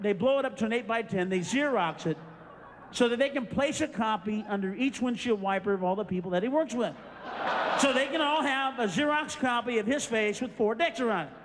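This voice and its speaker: A man's voice: extremely high pitch, in a large hall. A male stand-up comedian ranting and screaming through a routine on a club stage, acting out scenes. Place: club stage before a live audience. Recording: live show with loud crowd and noise.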